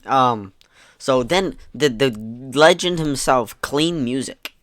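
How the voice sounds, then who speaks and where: A man talking through online messages in an easygoing, sarcastic commentary, dropping casual swears and poking fun at them. His voice sits at an everyday middle pitch. The recording is close and dry, with no room sound. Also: expressive, takes it slowly, fairly bright tone, no room sound. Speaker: YouTube commentator.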